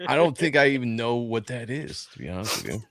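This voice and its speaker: Male stream host, gravelly, wildly animated, crude humor, dry mic. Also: mid-range voice, fast talker, no room sound. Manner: crude joking, reading chat aloud. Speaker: livestream host. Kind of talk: casual livestream banter.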